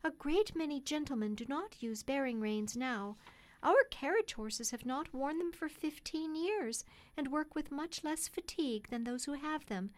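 A woman voicing a kind, refined lady who speaks softly and persuasively. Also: high voice, lively intonation, a little slow, voice pushed up. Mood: earnest, persuasive. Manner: soft, persuasive, polite. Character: kind gentle English lady, refined and earnest.

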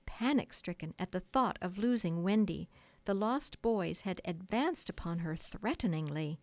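A woman reading a children's classic aloud in a measured, expressive storytelling manner. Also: on the low side, dry recording. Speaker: audiobook narrator. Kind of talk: scripted narration. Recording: dry close studio sound.

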